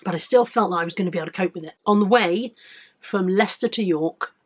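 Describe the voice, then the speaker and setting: English woman, late 40s, weight-loss vlogger; candid, chatty, a bit froggy, middle pitch. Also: fast talker, darkish tone. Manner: candid, chatty, rambling with restarts. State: slightly croaky. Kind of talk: casual chatty vlog.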